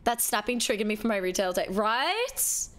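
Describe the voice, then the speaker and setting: A woman's voice: mid-range voice, very animated, normal speed, a bit bright. A woman chatting playfully with her viewers while streaming a game. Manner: playful, chatty, talking to chat. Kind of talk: casual live-stream chat.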